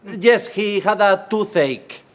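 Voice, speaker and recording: A man's voice: high-pitched, slow pace. An actor with an Argentinian accent playing a playful, teasing young man in a sitcom. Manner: jokey, teasing. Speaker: sitcom character. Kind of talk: scripted sitcom acting.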